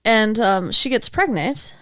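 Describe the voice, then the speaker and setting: A woman's voice: fairly high pitch, lively intonation, measured pace, background noise. A young adult woman co-hosting a podcast, chatting casually about a film, saying "like" a lot and laughing often. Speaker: podcast co-host. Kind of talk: casual chat recapping a film.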